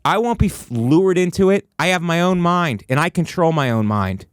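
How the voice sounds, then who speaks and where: A male comedian holds forth alone at a studio microphone, his voice sitting a touch high for a man. He slips into grand, mock-motivational rants, then drops into low, offhand asides. The sound is dry and close, with almost no room around it. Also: moderate pace, clean tone, no echo. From United States. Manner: mock-motivational ranting, swinging between high excited bursts and low, flat asides. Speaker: comedian and podcast host. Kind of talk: solo comedic podcast monologue. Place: podcast studio.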